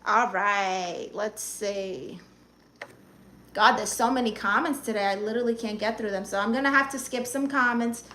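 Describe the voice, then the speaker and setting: A woman's voice: mid-range voice, moderate pace, sharp tone, slight background noise. A woman hosting a live stream, reading viewers' comments aloud and answering them in a sassy, blunt, teasing way.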